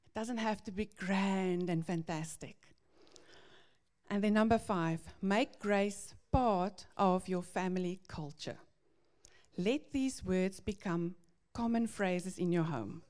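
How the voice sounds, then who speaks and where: A woman giving a devotional teaching to parents, earnest and gently confessional as she reads out Bible verses. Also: mid-range voice, takes it slowly.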